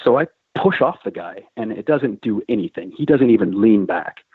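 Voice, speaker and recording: A man's voice: on the low side, normal speed, slightly rough, dry recording. A middle-aged man casually telling a crude, profane story, acting out the other people in it. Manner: crude, profane, animated anecdote with quoted voices. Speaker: podcast host telling a war story. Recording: phone-like, narrow band, dry.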